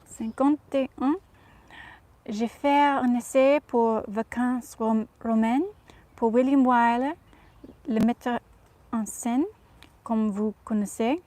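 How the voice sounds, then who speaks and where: A woman impersonating a gracious 1950s film star, reading an interview answer in careful, halting French. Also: a little high, fairly even intonation, warm tone, no room sound. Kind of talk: reading an interview aloud in character.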